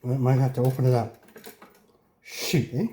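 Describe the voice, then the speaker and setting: A man's voice: mid-range voice, level tone, normal speed, warm tone, a little hiss or hum. A man chatting casually to viewers while he works on a mower in his repair shop, correcting himself as he goes. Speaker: host fixing a lawn mower. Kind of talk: casual workshop vlog narration.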